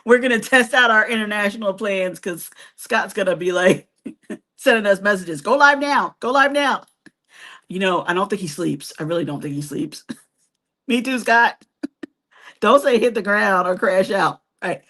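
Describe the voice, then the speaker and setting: A woman's voice: mid-range voice, normal speed, a bit bright. A woman hosting a live stream who chats casually with viewers and reads their comments. She is chatty, laughs often and teases herself. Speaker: host of a cruise travel channel.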